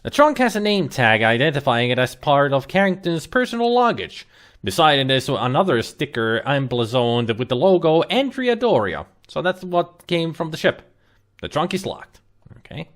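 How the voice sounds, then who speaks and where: A man's voice: fairly high pitch, sing-song, normal speed, fairly bright tone. A man hosting a let's play, reading out game text and adding dry joking asides.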